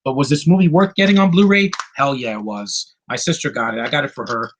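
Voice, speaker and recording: A man giving a casual, excitable film review, swearing freely and often restarting his sentences. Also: mid-range voice, fast talker, a little hiss or hum, rough recording. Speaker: movie reviewer.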